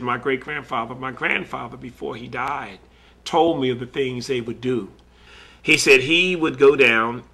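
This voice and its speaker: A man, a collector, slowly retelling a story in earnest with many quoted back-and-forth exchanges. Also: medium pitch, bright, forceful tone, breathy edge. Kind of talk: recorded personal storytelling.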